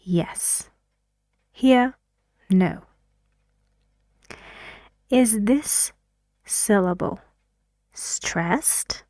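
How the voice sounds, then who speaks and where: This is a woman giving a video lesson in a patient, questioning way. She talks very slowly with a warm, mellow tone. The sound is dry and close, with no room around it. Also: mid-range voice, expressive, no room sound. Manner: patient, asks learners questions. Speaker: English teacher.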